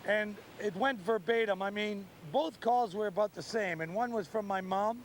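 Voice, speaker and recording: A man in an interview, telling stories in an animated, jovial way. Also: high-pitched, normal speed, a little hiss or hum. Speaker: interviewee, former player. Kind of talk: anecdotal interview.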